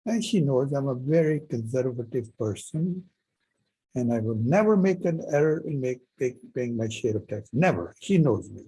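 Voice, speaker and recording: A male university professor giving a lecture, telling a personal story in an animated, emphatic way with many repetitions. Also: mid-range voice, moderate pace, breathy edge, low-quality recording.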